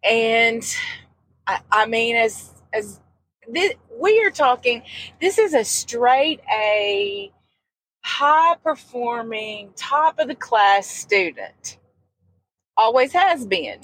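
A woman's voice: a little high, animated, slow pace, fairly bright tone, husky, poor audio. A woman co-hosting a podcast, chatting casually and teasing her friend. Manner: teasing, giggly. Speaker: podcast co-host. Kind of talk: casual chat.

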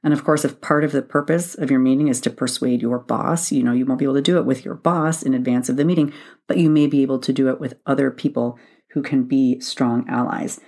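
Woman podcast host coaching listeners, steady instructive delivery that circles back to stress key points. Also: a bass voice, a little fast. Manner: instructive, methodical, repeats points for emphasis. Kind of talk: solo advice podcast.

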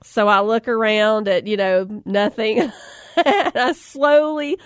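A middle-aged woman, telling a funny personal story, chatty and animated, laughing often and acting out the voices she quotes. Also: a little high, slow pace, clean tone, no echo, clean studio sound. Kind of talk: humorous storytelling talk.

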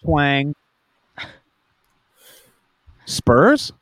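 A man's voice: on the high side, big pitch swings, extremely slow, fairly bright tone, no echo. A man hosting a podcast, riffing and joking with laughs in a casual chat. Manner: jokey, riffing, laughs often. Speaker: podcast host.

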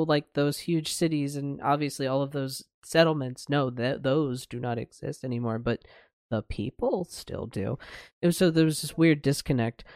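A man from the United States co-hosts a podcast in casual chat, his voice smooth and clear at a middle pitch. He talks in a loose, hesitant way with lots of fillers, and the sound is close and dry. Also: normal speed, no echo. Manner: relaxed, hesitant, many fillers, laughs easily. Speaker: podcast co-host. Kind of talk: casual discussion.

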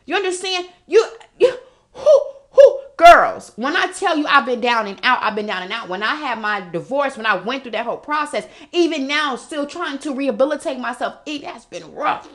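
Woman podcast host, middle-aged, aave, hypes you up loud and blunt, voice sits kinda high. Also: brisk, few pauses. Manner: animated, profane, repetitive pep talk. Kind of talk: motivational talk.

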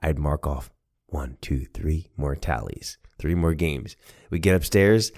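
A man's voice: a bass voice, unhurried. A man earnestly telling a personal family memory, acting out the voices of relatives. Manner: earnest, animated, acts out voices. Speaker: storyteller. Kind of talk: personal storytelling podcast.

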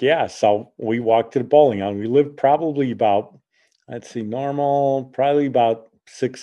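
Chatty guy in his 60s from around chicago, radio host telling stories, mellow voice. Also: fairly low pitch. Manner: chatty, lively when amused. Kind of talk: casual storytelling.

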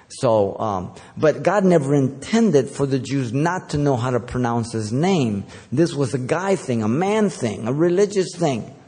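A man's voice: medium pitch, darkish tone, in a large hall. A man preaching a conversational sermon as pastor, with filler words and self-corrections along the way.

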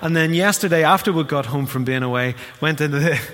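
Pastor in a reverberant hall. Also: male voice, a little high, fast. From Northern Ireland. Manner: animated storyteller, acts out voices. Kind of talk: sermon. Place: church hall.

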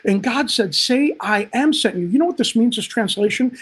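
Pastor, livestream sermon; husky, fervent, talks straight to the flock. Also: mid-range voice, lively intonation, moderate pace, few pauses. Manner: impassioned, swelling to emphatic peaks; frequent "man" interjections, direct address.

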